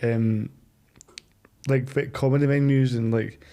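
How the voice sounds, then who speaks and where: Flat, mellow man hosting. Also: mid-range voice, unhurried. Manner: hesitant, repeats words. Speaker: podcast host. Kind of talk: heartfelt casual chat.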